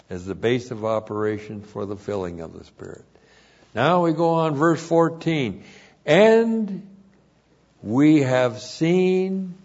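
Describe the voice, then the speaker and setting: Man, Bible teacher, expository teaching, very slow pace, repeats words for emphasis, muffled lo-fi recording. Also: mid-range voice, darkish tone.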